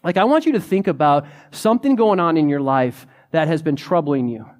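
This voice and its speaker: A young man preaching a sermon in a conversational, animated way, often saying "like". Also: a little high, a little fast. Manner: conversational, animated, many "like" fillers.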